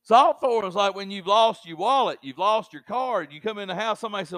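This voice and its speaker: A man's voice: high voice, lively intonation, brisk, few pauses, dry recording, studio quality. Colloquial storytelling preacher, man. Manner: storytelling preacher, colloquial, swings between loud and hushed. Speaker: pastor. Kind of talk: sermon.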